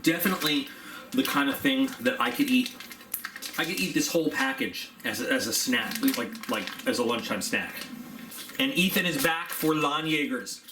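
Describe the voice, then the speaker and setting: A man's voice: on the high side, very animated, normal speed, bright, forceful tone. A man giving a casual unboxing review, chatty and rambling with fillers, sometimes talking while he chews. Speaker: product reviewer. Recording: echoey room, faint background hum.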